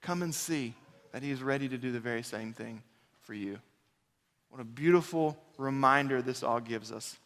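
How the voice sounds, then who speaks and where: A man preaching a sermon, earnest and building to emphatic repeated phrases before dropping quiet. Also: mid-range voice, big-room sound. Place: large church sanctuary.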